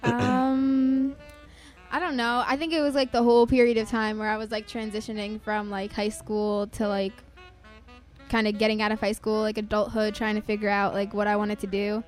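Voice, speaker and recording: A woman's voice: medium pitch, flat delivery, moderate pace. A young woman talking casually and reading her poem, rambling with many "like" fillers. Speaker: guest poet. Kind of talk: casual chat and poem recital. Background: faint jazz music.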